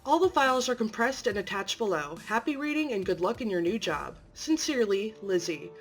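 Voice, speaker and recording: A woman narrating from a script in a clear, matter-of-fact way. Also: mid-range voice, very animated, a little fast, faint music behind.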